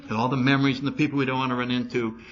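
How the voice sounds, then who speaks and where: Older man telling a lively recovery story. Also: mid-range voice, rapid-fire, dull audio. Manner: animated, acts out both sides of dialogues. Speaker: recovery speaker. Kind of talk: storytelling talk to a meeting.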